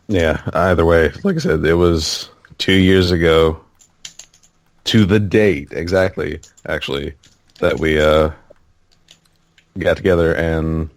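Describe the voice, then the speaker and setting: A man co-hosting a casual podcast in a relaxed, rambling way. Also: deep voice, dry recording. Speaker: podcast co-host.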